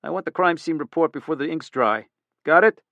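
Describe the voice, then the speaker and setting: A man voicing a gruff, blustering middle-aged police chief who snaps out his orders. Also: on the high side, lively intonation, a little fast, a bit bright, dry recording, muffled recording, pitched above the performer's own voice. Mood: irritable. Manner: snappish, barking.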